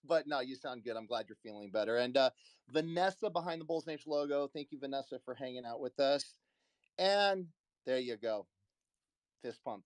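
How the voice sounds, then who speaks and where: A man co-hosting a casual live chat, laughing often and talking in an excited, rambling way. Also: on the high side, no room sound. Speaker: co-host.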